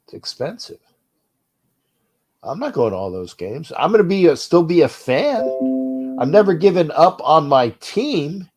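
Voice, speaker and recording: A man's voice: a little high, very animated, a little slow, pauses often, husky, faint music behind. Stuffed-up rambling sports show host man. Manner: rambling, restarts often, swings from mutter to loud. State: stuffed up nose. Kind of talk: uncensored fan rant show.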